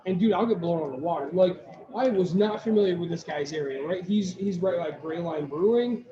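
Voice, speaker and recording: High-voiced rambling man in a busy taproom. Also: a little fast. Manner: rambling storyteller, restarts, quotes others. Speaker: podcast co-host. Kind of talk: casual chat. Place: brewery taproom. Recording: echoey taproom with crowd chatter, dull sound.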